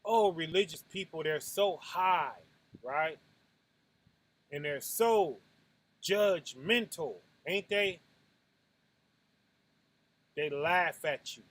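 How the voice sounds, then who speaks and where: Slow, high-voiced man preaching casually. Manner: keeps asking "right?", mimics punches with sound effects; swings from low and soft to loud bursts. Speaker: preacher hosting a Sabbath night talk. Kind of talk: casual conversational sermon.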